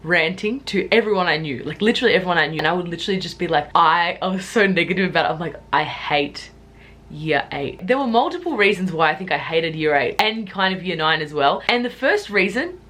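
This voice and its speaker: A woman's voice: on the low side, lively intonation, fast, hardly any pauses, a bit bright. A young woman chatting casually to camera on her vlog, full of "like" fillers. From Australia. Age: young adult. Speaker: YouTuber.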